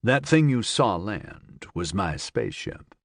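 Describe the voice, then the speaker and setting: A patient, kindly man talks someone down in a sci-fi audiobook, as a male narrator voices him. His voice is low and quiet. It is recorded dry and close. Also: big pitch swings, slow, no echo, full character voice. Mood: soothing. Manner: soft-spoken, soothing, reassuring. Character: calm, kind grown man, patient and gently amused.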